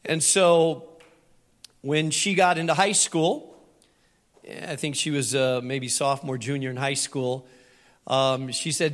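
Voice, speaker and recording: A middle-aged man delivers a sermon with a voice pitched a little high for a man. He tells stories in a direct, earnest way with touches of humor. The sound carries a long reverb from a large hall. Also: unhurried, long pauses. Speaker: pastor.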